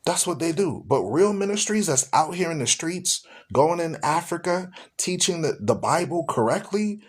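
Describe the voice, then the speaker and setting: Male host, preachy and emphatic, voice sits fairly high. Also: lively intonation, moderate pace, breathy edge. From United States. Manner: emphatic, rhetorical, repeats questions. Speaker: radio show host and Bible teacher. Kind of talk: preaching talk show.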